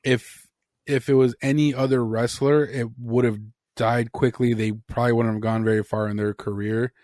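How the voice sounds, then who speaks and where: A man's voice: medium pitch, little pitch movement, normal speed, a little mellow, no echo, studio quality. A man co-hosting a podcast, talking casually and bluntly and swearing freely. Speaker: podcast co-host. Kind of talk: casual chat.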